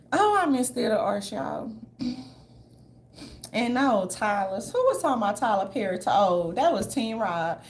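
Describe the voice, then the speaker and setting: A woman vlogger with a slightly high voice chats loosely to her viewers in casual livestream commentary. She is blunt and profane, riffing freely. A faint hiss sits under her voice. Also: big pitch swings, slow pace, pauses often. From southern United States.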